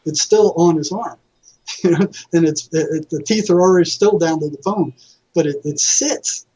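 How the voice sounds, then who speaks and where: A man's voice: fairly high pitch, normal speed, dark tone, breathy edge. A retired psychotherapist telling vivid anecdotes in a casual interview, acting out quoted voices as he goes. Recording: dull lo-fi audio.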